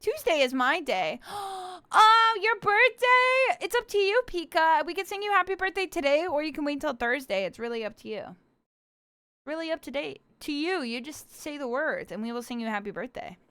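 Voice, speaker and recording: Young woman streamer, high and lively voice, giggly and cutesy, dry close mic. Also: normal speed, hardly any pauses, no echo. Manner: bubbly, giggly, talks to chat and plays a cutesy puppy-girl persona. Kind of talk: casual live-stream chat.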